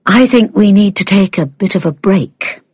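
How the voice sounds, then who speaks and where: A woman reading an audiobook, playing a troubled adult man in a low, subdued, measured voice. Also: darkish tone, breathy edge, no room sound, natural voice.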